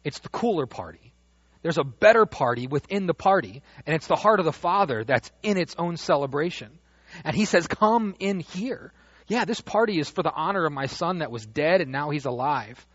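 A man preaching a sermon as pastor, animated, dropping to a hush and rising loud as he acts out the father's words. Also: fairly high pitch, a little fast, slightly rough, no echo. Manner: animated, swings from hushed to loud when quoting the father. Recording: dull dry lo-fi sound.

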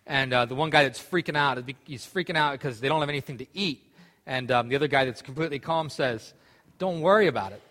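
A man's voice: medium pitch, fast talker, pushed and bright. Guy pastor rambling thru a sermon, ums everywhere, big echoey church sound. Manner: loose, rambling delivery with many fillers and restarts. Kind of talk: sermon with an opening joke. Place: church sanctuary. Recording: long hall reverb.

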